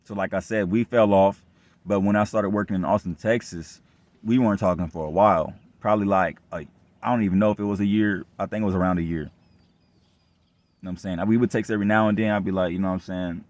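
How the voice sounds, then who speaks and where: A young man speaks in a fairly low voice, venting in a loose, rambling monologue full of profanity. He circles back and repeats himself often. His tone stays aggrieved and distrustful throughout. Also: steady tone, fast, darkish tone, no echo. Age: young adult. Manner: rambling and repetitive, heavy profanity. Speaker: vlogger telling his own story. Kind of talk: casual rant monologue.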